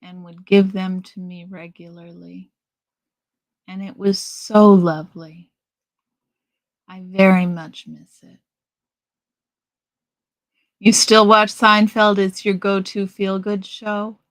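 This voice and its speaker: A woman's voice: medium pitch, little pitch movement, dry recording. A middle-aged woman hosting a live stream, chatting casually and rambling as she answers viewers. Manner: chatty, slow, rambling with restarts.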